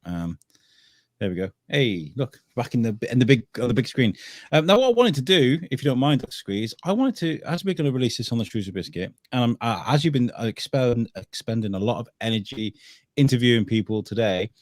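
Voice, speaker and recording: A man's voice: mid-range voice, very animated, brisk, darkish tone, no echo, studio quality. A man hosting a podcast livestream, upbeat and playful like a quiz-master. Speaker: podcast host. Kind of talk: casual livestream chat.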